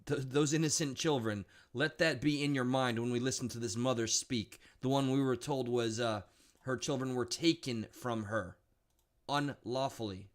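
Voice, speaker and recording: A man's voice: medium pitch, moderate pace. A man hosting a live stream, reacting bluntly and indignantly to news clips, thinking aloud with restarts. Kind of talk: casual live commentary.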